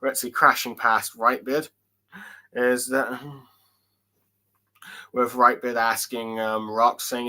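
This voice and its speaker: Male manga reviewer, mid-pitched, halting and casual, lots of "um"s. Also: level tone, pushed and bright. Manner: hesitant, many fillers and restarts while reading along. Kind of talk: casual solo chapter review.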